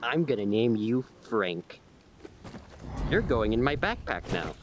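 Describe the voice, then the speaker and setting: A man's voice: medium pitch, very animated, slow pace, pauses often, slight background noise. A young man doing comedic let's-play commentary, sarcastic and goofy, chatting to objects in the game. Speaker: gaming YouTuber. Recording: game music behind.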